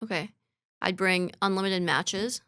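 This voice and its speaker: A woman's voice: mid-range voice, a little slow, a bit bright, clean tone, no room sound. Blunt, joking woman podcaster, dry sound. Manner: blunt, incredulous and joking, with casual swearing. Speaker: podcast co-host. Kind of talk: casual chat.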